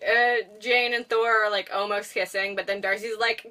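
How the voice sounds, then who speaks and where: This young podcast co-host giggles and rambles through a casual movie recap, performing lines from the characters. She speaks at medium pitch with fairly even intonation, a moderate pace and few pauses, her tone bright and forceful. The mic picks her up from a distance.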